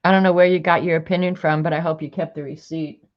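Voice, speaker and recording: A woman with a low, steady voice reads sassy one-liners to her viewers at a quick pace, chatting casually and laughing softly between them. She's a crafter sharing sayings on video, and the home recording sounds dull and lo-fi.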